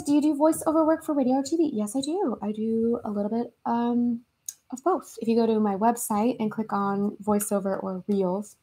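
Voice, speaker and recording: Young woman, fairly high voice, casual livestream chat, giggly, reads comments aloud. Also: normal speed, darkish tone, slightly rough. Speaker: livestream host. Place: her home in Los Angeles.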